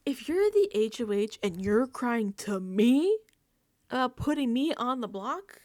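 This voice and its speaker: A woman talking through a reality show recap in a lively, swooping voice that sits a bit high. She rants with exasperation and acts out what people said. The sound is close and dry. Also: a little slow, no room sound. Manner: exasperated, animated ranting with acted-out quotes. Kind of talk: casual recap and reaction.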